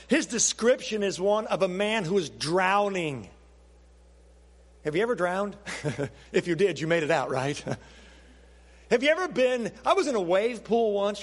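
A man preaching a sermon as pastor, animated and asking his listeners questions. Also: sits high, in a large hall. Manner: animated, questioning the audience, acts out quotes.

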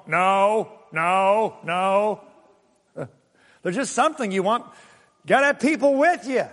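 A man's voice: high-pitched, long reverb tail. A male pastor preaching a sermon in a conversational way, telling stories and chuckling, then pressing his points with more force. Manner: swings from soft asides to raised emphatic points.

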